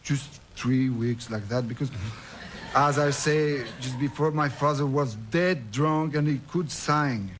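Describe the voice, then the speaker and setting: A man's voice: mid-range voice, a little slow, fairly bright tone. Man chatting. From France. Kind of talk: casual anecdote.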